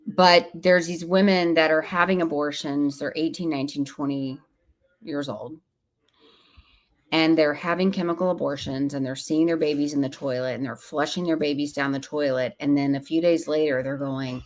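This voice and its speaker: A woman's voice: sits low, steady tone, moderate pace. A woman speaking as an interview guest, earnest and emphatic, sometimes acting out what other people say. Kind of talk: casual interview talk.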